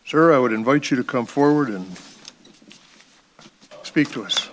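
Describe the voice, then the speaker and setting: A man's voice: mid-range voice, measured pace. A man chairing a public board meeting, reading formal text aloud and addressing speakers courteously.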